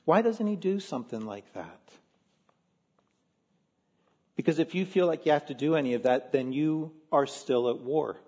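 A man, a pastor from Philadelphia, preaching a sermon in an earnest, measured way with slow emphatic stresses. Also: on the high side, animated, a little mellow, big-room sound.

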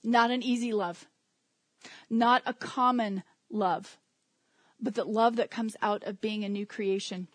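A woman's voice: medium pitch, fairly even intonation, unhurried, no room sound. A woman preaching a sermon in a conversational way, with humor and asides.

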